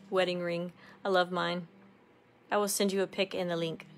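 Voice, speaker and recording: Woman, casual live co-host, chatty and quick to laugh. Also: on the low side, little pitch movement. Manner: chatty, laughs often, reads viewer comments aloud. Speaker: craft channel co-host. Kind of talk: casual livestream chat while crafting.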